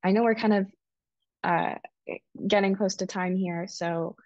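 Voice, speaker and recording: A woman interviewing a guest, soft-spoken and hesitant with many fillers. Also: mid-range voice, steady tone, measured pace, dry recording, lo-fi sound. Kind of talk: casual interview.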